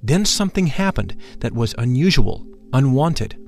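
A man reading a spiritual first-person memoir aloud in a measured, solemn manner. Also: mid-range voice, lively intonation, darkish tone, faint music behind. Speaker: narrator.

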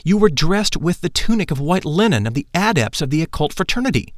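A man reading aloud and voicing a wise woman adept, a calm mystic teacher, in an earnest, questioning way. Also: fairly high pitch, brisk, no room sound, clean studio sound, voice pushed up. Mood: solemn.

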